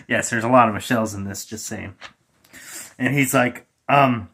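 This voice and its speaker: Bright, playful man spinning a silly tale. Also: mid-range voice, animated, breathy edge. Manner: playful, laughing, quick voice switches for characters. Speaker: storyteller. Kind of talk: improvised comic storytelling.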